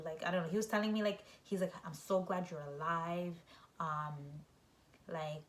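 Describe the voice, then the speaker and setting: A young woman vlogger telling a casual story, animated and full of "like", breaking into high, shrieking quoted voices. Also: moderate pace.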